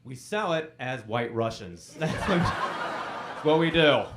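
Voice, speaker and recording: A man's voice: medium pitch, unhurried, noisy background. A man in his forties doing a stand-up comedy set on a club stage, telling stories and acting out quotes in sudden bursts. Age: 40s. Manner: animated storytelling, acts out quotes in bursts.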